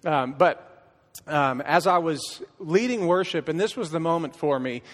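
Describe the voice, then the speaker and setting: A middle-aged man with a somewhat high voice shares his testimony as a worship leader, and he tells it as a lively story. He acts out conversations and restarts his sentences often. His voice carries a long reverb from a church hall. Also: measured pace. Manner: storytelling, acting out dialogue, frequent restarts. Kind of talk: personal testimony from a church stage. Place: church stage.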